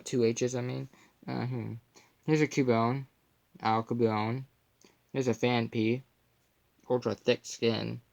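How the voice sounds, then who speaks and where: Young man, slow unhurried talk, gravelly fry, goofy punning commentary, casual showcase. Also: medium pitch. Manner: goofy jokes and puns, mumbled asides. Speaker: card collector showing his collection.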